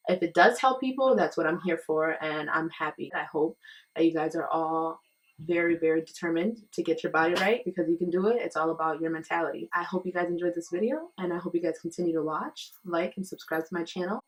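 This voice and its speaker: Chatty young woman, lowish voice. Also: fairly even intonation, brisk, poor audio. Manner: chatty, with many "like" and "you know" fillers. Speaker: vlogger. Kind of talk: casual talk to camera. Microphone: built-in camera or phone mic, no external microphone.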